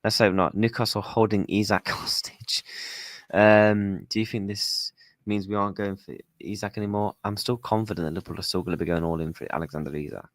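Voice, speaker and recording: A man hosts a football fan stream, speaking casually and directly to viewers and repeating his points often. His lowish voice holds a steady tone at a brisk pace, in a dry recording.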